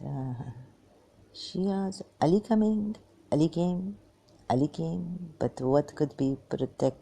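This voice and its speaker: A worn-out woman talks slowly in a rambling personal monologue, her speech breaking into halting fragments. Her voice sits very low and dark, with a gravelly fry. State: very tired and weak. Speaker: vlogger.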